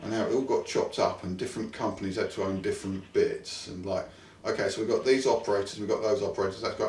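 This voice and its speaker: A man hosts a comic chat with dry wit and sudden theatrical rants. His voice sits a little low. The room is echoey and he is some way from the mic. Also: steady tone, fast, hardly any pauses, darkish tone. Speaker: co-host. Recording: roomy echo, distant mic.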